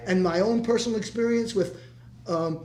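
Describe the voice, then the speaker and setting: A man's voice: high-pitched, normal speed, darkish tone. An older man, a former teacher, telling a long story with many restarts at a community discussion. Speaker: retired teacher in audience. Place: meeting room.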